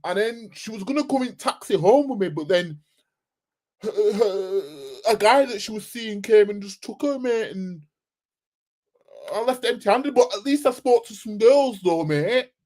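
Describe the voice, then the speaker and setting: A man mimicking a whiny, gloating male football fan who ends every phrase with "mate" in a shrill sing-song. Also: expressive, unhurried, a little mellow. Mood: taunting.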